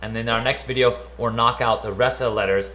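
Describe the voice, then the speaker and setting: A man's voice: mid-range voice, fairly even intonation, quick pace, bright, forceful tone. A man teaching the Arabic alphabet in a playful way, repeating each letter sound and using silly memory tricks. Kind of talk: playful teaching with call-and-response drills. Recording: echoey room.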